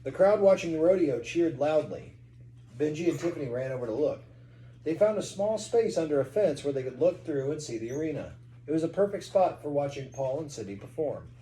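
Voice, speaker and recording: A man's voice: on the high side, lively intonation, a little fast, mellow, echoey room, slight background noise, low-quality recording. A man from Kentucky, a parent reading a storybook aloud to a child at home, with chatty asides.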